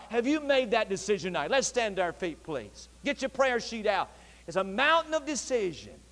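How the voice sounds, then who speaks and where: High-voiced preacher in a reverberant church. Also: male voice. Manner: emotional storytelling, rising to fervent near-shouting. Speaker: pastor. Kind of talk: sermon. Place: church sanctuary.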